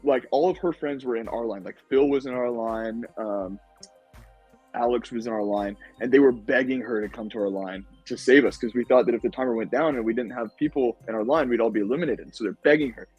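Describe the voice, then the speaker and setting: A young man speaks as a podcast guest, retelling his time as a game-show contestant in loose, animated storytelling full of fillers. His voice sits at an ordinary pitch with a husky, slightly rough edge. Faint music plays behind him. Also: a little fast, lo-fi sound. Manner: animated recounting with many fillers. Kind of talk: casual storytelling.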